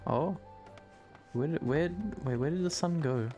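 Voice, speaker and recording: A man casually chatting to himself and his chat while playing a game, excitable and prone to swearing. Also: fairly high pitch, measured pace, lo-fi sound, soft background music. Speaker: streamer.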